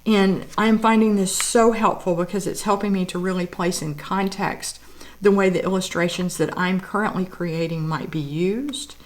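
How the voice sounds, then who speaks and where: A woman's voice: on the low side, fairly even intonation, moderate pace. A woman artist talking through her art book collection, gushing with admiration and audibly teary, lingering on words of praise. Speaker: artist and vlogger. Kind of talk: casual show-and-tell of art books.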